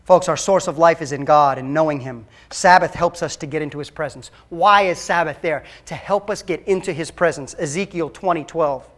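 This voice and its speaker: A man preaching a sermon as a pastor, emphatic and swinging between loud and hushed. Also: a little high, normal speed, few pauses.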